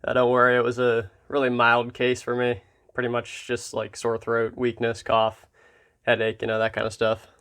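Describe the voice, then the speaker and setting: A man's voice: mid-range voice, completely flat delivery, moderate pace, fairly bright tone, clean tone. Laid-back man with a slightly froggy voice. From Pennsylvania, USA. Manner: laid-back and wry, with filler ums. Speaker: knife channel host. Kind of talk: casual hobby vlog talk.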